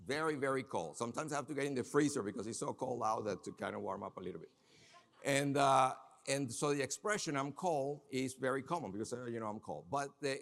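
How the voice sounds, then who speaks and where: A man giving a lively conference presentation, talking straight to the audience and drawing answers out of them. His voice sits in a comfortable middle range and carries a long reverb from a large hall. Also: mid-range voice. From Minnesota. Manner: lively, questions the audience directly. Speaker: conference speaker.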